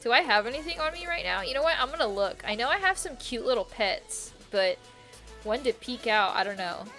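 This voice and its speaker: A woman's voice: fairly high pitch, big pitch swings, fairly quick, fairly bright tone, soft background music. A young woman streaming a game, chatting casually, giggling often, with slang and swearing. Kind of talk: casual chat while gaming.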